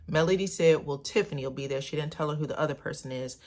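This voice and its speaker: A woman with a low, deep-set voice talks through a reality TV episode in a loose, gossipy way. She is sassy and chatty and keeps calling her viewers honey and baby. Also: fast talker, darkish tone. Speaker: reality TV recap vlogger. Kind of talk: casual gossipy recap.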